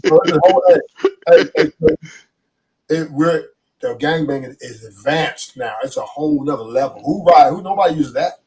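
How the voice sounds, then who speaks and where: A man's voice: a little high, fairly quick, a little mellow, distant mic. A man with a Los Angeles accent, a podcast guest talking casually in a streetwise, emphatic way and often repeating himself.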